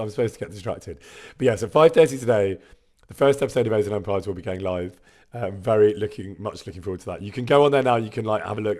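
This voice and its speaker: A man's voice: fairly low pitch, a little mellow. A man chatting casually on a live stream, reading out viewer messages and laughing often.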